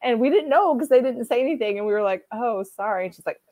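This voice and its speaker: A woman's voice: a little high, expressive, fast talker, warm tone, dry recording. A middle-aged woman telling a rambling story in casual chat, laughing often as she goes.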